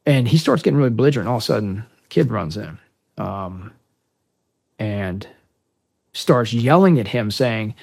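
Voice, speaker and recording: A man telling a story as a podcast guest, animated and profane, acting out the dialogue. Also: on the low side, normal speed, vocal fry, pauses often, breathy edge, dry recording, clean studio sound. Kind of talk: storytelling in a conversation.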